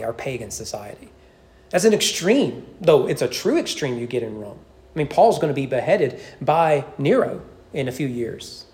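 A man preaching an evening sermon in church, emphatic, with frequent restarts and high peaks on key points. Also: a little mellow. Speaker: pastor. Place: church sanctuary.

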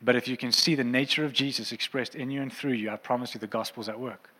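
A man's voice: medium pitch, fairly even intonation, quick pace, sharp tone, slightly rough, in a large hall, poor audio. A man preaching a sermon as a pastor, earnest and impassioned, in a church auditorium.

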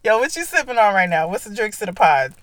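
A woman hosts a loose podcast chat, teasing and joking in slang with frequent laughter. Her pitch moves in a lively way around a middle register. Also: fast talker, dry recording. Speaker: podcast host. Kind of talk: casual chat.

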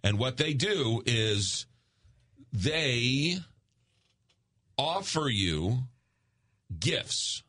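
A man's voice: mid-range voice, animated, drawn-out words, pauses often, pushed and bright. Rambling New York radio host, man. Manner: rambling, repeats words. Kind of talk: casual radio banter.

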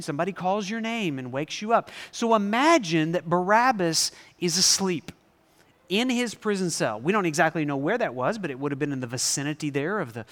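A man preaching a sermon to a congregation, animated, asking them questions and acting out scenes. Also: sits high. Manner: animated, asks the audience questions and acts out scenes. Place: large hall before a live congregation. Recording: long reverb in a large hall.

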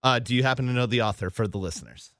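A man's voice: mid-range voice, very fast, a bit bright, dry recording, clean studio sound. A man hosting a casual podcast, laughing often and upbeat as he wraps up the episode. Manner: laughing, upbeat, wrapping up the show. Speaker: podcast host.

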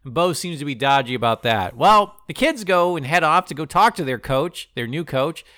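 A man co-hosting a casual chat, recapping a movie plot in a joking, profane, animated way. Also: a little high, moderate pace. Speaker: podcast co-host.

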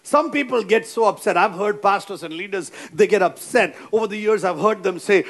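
A man's voice: high voice, fairly quick, few pauses, a bit bright. A man preaching a sermon, emphatic and repetitive, who keeps prompting the congregation to answer back. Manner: emphatic, repeats phrases, prompts the congregation for amens.

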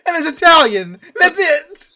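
A woman's voice: extremely high pitch, sing-song, measured pace, sharp tone. A woman from the South, chatting on a podcast with sarcastic, playful teasing. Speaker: podcast co-host. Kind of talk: casual chat.

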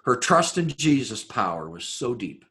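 A man preaching a sermon, building through rhetorical questions and dropping to a hushed voice for emphasis. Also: medium pitch, sing-song, moderate pace. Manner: dramatic rhetorical questions, swings between loud and hushed. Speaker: pastor.

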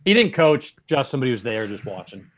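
Young male radio co-host, casual studio banter, medium pitch. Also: sing-song, fairly quick, a bit bright. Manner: chatty, reads ad copy with upbeat emphasis. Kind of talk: casual sports radio chat. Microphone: studio microphone.

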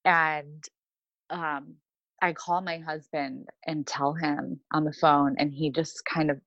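A woman's voice: sits low, little pitch movement, takes it slowly, a bit bright, no echo, muffled recording. A young woman telling a personal story in casual chat, with many fillers and restarts. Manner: rambling, lots of fillers and restarts. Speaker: podcast guest.

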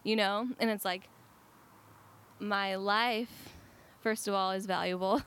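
A woman's voice: mid-range voice, steady tone, slow pace, a bit bright, slight background noise. A young woman chatting casually as a guest, laughing often and filling her talk with "like". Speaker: guest, cafe team member. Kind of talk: casual conversation.

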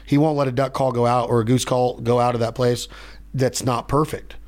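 A man hosting a podcast in a studio, telling stories in a rambling, animated way. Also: medium pitch, brisk. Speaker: podcast host. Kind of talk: casual chat.

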